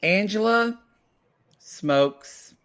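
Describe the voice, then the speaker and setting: A man's voice: sits high, expressive, very slow, fairly bright tone. A man co-hosting a podcast, giving blunt and sassy opinions in a casual reality TV recap chat. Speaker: podcast co-host.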